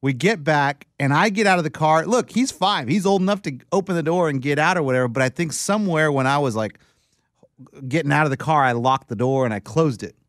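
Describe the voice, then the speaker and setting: A man co-hosting a radio show, telling a story with lively acted-out quotes in casual banter. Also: on the high side, fairly quick, no room sound, studio quality. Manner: animated storyteller, acts out quotes.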